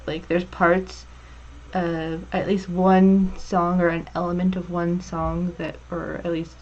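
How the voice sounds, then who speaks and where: A woman's voice: fairly low pitch, flat delivery, slow pace, a little mellow. A woman hosting a TV review chat, hesitant and searching for her words. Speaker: show host. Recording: dull lo-fi audio.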